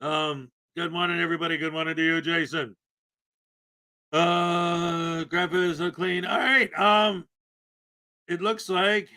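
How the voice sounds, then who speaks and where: A man from Canada hosting a casual morning livestream, greeting viewers by name with loud, upbeat enthusiasm and a slightly rough throat. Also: a little high, steady tone, a little slow. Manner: upbeat, greeting chat names with shouted enthusiasm. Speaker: livestream host.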